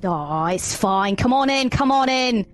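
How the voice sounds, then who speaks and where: A woman voicing a gruff, streetwise stranger who coaxes travellers inside, in a put-on Cockney accent that slides toward Australian. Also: fairly high pitch, expressive, measured pace, voice pushed up. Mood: coaxing. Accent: put-on Cockney drifting toward Australian. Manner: coaxing, breezy, pushy.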